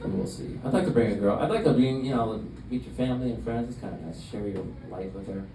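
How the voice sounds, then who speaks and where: A young man doing a stand-up comedy set in a club, with a deadpan, halting delivery full of fillers. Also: mid-range voice. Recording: roomy club sound from a distance, audience noise. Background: audience laughter.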